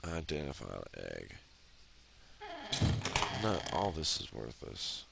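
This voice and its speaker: A man's voice: rumbling low, very animated, slow, creaky. A man giving casual, exasperated commentary while playing a video game, often grumbling and ranting. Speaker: let's play host. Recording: loud background noise.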